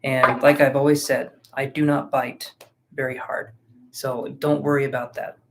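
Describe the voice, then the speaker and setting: A man's voice: mid-range voice, normal speed, vocal fry, noisy background. Sleepy, chatty man reading tarot live. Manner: relaxed, chatty, thinking aloud with fillers. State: sleepy, yawning. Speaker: tarot reader.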